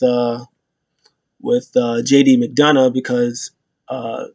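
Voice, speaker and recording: A man's voice: mid-range voice, a little mellow, no room sound. Rambling man recapping wrestling. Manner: rambling, many fillers, acts out quotes in raised voices. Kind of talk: casual recap talk.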